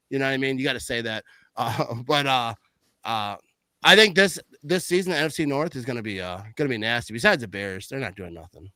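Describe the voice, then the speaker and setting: A man talking casually about football, rambling with lots of fillers and animated swings in his voice. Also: mid-range voice, no echo. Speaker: podcast guest. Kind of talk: casual sports chat.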